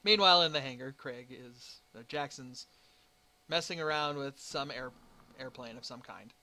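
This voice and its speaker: A man's voice: medium pitch, normal speed, bright, forceful tone. A man narrating as game master in a tabletop game, casual and a little hesitant.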